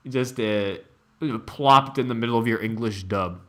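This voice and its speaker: A man's voice: mid-range voice, normal speed. A man streamer giving casual reaction commentary, laughing often and joking around.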